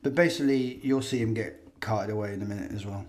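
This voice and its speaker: A man's voice: lowish voice, fast, a little mellow, slight background noise. A man giving sarcastic, mocking commentary over video footage.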